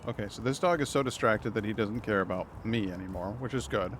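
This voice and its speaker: A man's voice: lowish voice, fast talker, fairly bright tone, a little hiss or hum. A man livestreaming a video game, chatting playfully and reading dialogue aloud, slipping into silly voices for characters. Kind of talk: casual gameplay commentary with read-aloud dialogue.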